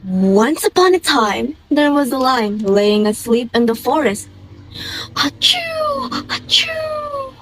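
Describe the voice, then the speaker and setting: A woman's voice: a little high, unhurried, few pauses, rough recording. A woman contestant telling a children's fable with a dramatic, playful flair. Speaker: storytelling contestant. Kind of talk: theatrical storytelling.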